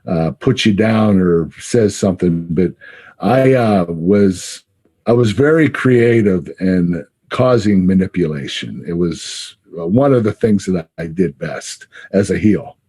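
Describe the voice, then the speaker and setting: A man in his fifties, a retired wrestler, answering interview questions with frequent laughs and halting fillers. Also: low voice, dark tone, husky. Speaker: retired pro wrestler, guest.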